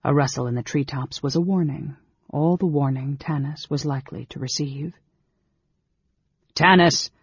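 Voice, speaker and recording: A man reading a fantasy novel aloud as audiobook narrator, in a steady, measured way. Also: mid-range voice, husky, no room sound. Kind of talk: scripted narration. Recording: dull lo-fi recording.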